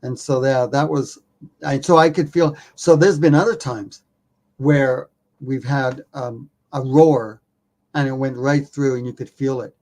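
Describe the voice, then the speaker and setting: A man, a documentary filmmaker, telling a story as a podcast guest in a casual, animated way, poking fun at himself and swearing offhandedly. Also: medium pitch, measured pace.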